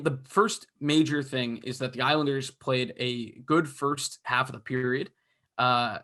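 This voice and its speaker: A young man with a bright, forward voice talks hockey with a friend on a podcast. His thoughts wander and restart, padded with "um" and "like", in easy, casual chat. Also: medium pitch. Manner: rambling, filler-heavy analysis. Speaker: podcast co-host.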